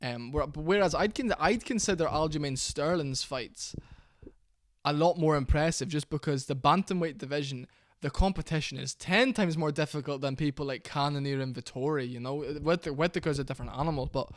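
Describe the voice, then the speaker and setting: A man giving casual, excitable to-camera commentary, blunt and full of exclamations. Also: fairly high pitch, fairly quick, no room sound, studio quality. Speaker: MMA commentary YouTuber.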